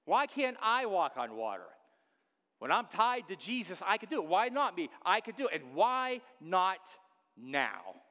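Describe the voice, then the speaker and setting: A man preaching a sermon as pastor, repeating key phrases with animated delivery. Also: high-pitched, measured pace, long reverb tail.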